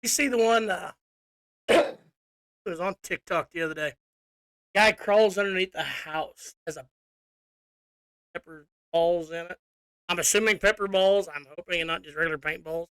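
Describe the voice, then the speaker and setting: A man's voice: sits high, moderate pace, long pauses, a bit bright, clean tone, dry recording, studio quality. A man co-hosting a podcast, chatting casually about hunting, laughing and swearing often. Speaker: podcast co-host. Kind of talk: casual chat.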